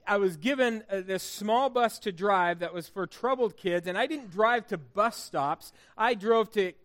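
Male pastor, middle-aged, higher-pitched, relaxed storytelling sermon delivery. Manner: conversational storytelling with frequent fillers and restarts.

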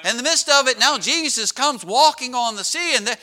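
A high-pitched man with a piercing, bright voice delivers a sermon as the pastor. He tells stories with animated pacing, stretching words and then dropping to a hushed tone for emphasis. He sounds middle-aged. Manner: animated storytelling with dramatic slowdowns and drops to a hush.

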